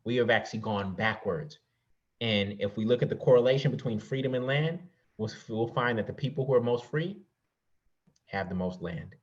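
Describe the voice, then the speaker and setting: Male investing coach, mid-pitched, preachy and persuasive, talks straight to the crowd; slightly muffled recording. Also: moderate pace. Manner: preachy, addresses audience as y'all with rhetorical questions. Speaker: real estate investing coach. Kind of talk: motivational presentation.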